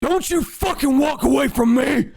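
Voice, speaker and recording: A man's voice: extremely high pitch, normal speed, vocal fry, pitched above the performer's own voice. A man doing a drunk, belligerent townsman. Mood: hostile. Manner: yelling, aggressive.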